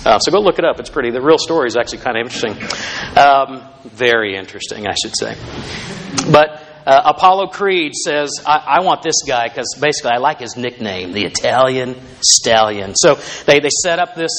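A man's voice: fairly high pitch, fairly bright tone, slight background noise. A male pastor preaching a sermon in a conversational, storytelling way, with asides to the congregation.

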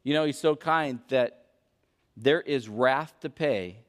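A man's voice: medium pitch, takes it slowly. A young adult man preaching a sermon as a pastor, earnest and emphatic. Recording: echoey hall.

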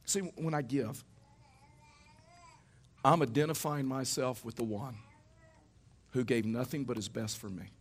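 A man's voice: medium pitch, a little slow, pauses often, slightly rough. A middle-aged man preaching a sermon in a church, telling stories in a conversational way and tossing rhetorical questions to the congregation. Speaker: pastor.

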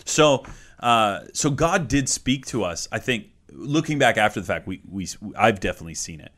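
A man hosting a podcast, telling a personal story in an animated, emphatic way and laughing easily. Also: lowish voice, moderate pace. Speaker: podcast host. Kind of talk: casual storytelling chat.

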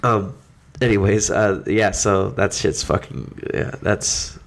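A man jokes around in a casual podcast chat, swearing freely as he rants about movies. His voice is very low with a heavy gravelly rasp. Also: takes it slowly. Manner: joking, animated storytelling with profanity. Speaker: podcast co-host.

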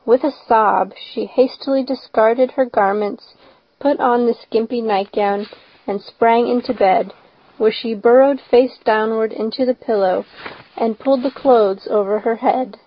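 Woman narrating a storybook, measured. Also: fairly high pitch, steady tone, dry recording. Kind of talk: audiobook narration. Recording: slightly dull lo-fi recording.

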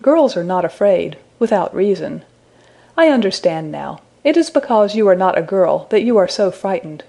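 A woman voicing an innocent, curious young woman who asks gentle, wondering questions, in a storybook reading. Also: medium pitch, sing-song, normal speed, vocal fry.

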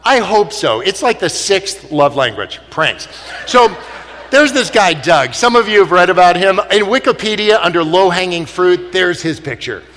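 A man telling comic stories on stage, animated and laughing often. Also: high-pitched, normal speed, slight background noise. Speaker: speaker. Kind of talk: comic storytelling talk. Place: stage in a large hall. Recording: long hall reverb.

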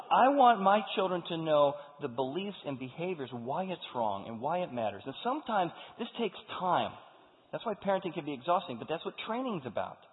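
A man preaching a sermon to a congregation, talking in an animated way and acting out the voices of the people he quotes. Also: a little high, moderate pace. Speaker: pastor. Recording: phone-like sound with long hall reverb.

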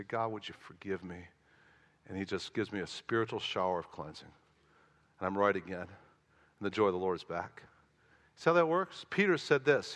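A man preaching a sermon, telling an animated story and dropping quiet for prayer. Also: mid-range voice. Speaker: pastor. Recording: long hall reverb.

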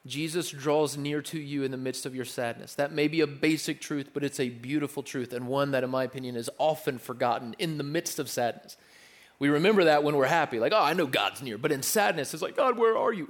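A young adult man preaching a sermon in an earnest, conversational way, repeating his key phrases and restarting his sentences. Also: medium pitch. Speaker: pastor.

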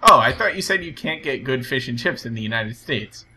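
Wry joking podcast co-host guy, really bright sharp voice. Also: medium pitch, animated, a little fast, husky. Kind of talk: casual podcast banter.

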